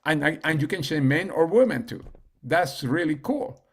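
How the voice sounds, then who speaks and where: A man giving a casual team training talk on a video call, halting, with many fillers and restarts. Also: fairly high pitch, animated, gravelly. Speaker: team leader and coach.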